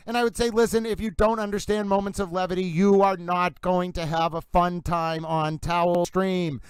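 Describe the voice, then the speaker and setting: A man's voice: sits high, fairly even intonation, normal speed, clear, resonant tone, no room sound, poor audio. A man hosting a livestream, commenting on a trial in a playful, theatrical mock horse-racing announcer style. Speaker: livestream host.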